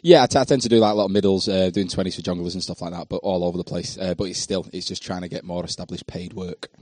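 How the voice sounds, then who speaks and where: A male stand-up comedian being interviewed, rattling along quickly with frequent hesitant fillers. His voice is very low, and the sound is close and dry. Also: steady tone, a little mellow, no echo. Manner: quick, hesitant, many uhs and ums.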